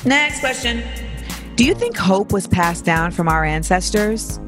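Over music, a podcast host with an expressive, mid-range voice speaks in an unhurried way. It's a casual, reflective chat where the host answers listener questions candidly, swearing and drifting into playful tangents.

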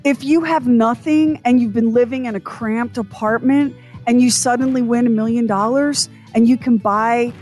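Woman radio co-host, high-ish voice, playful teasing banter, faint music bed. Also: moderate pace, few pauses, darkish tone.

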